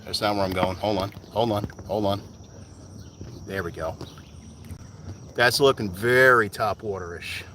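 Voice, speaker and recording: A man's voice: fairly low pitch, fairly even intonation, measured pace, pauses often, recorded from a distance. Laid-back man streaming from a kayak. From New Jersey. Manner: laid-back, rambling, talks to viewers while fishing. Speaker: fishing streamer. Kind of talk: casual live-stream chat. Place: kayak on a lake outdoors. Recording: outdoor noise, insects.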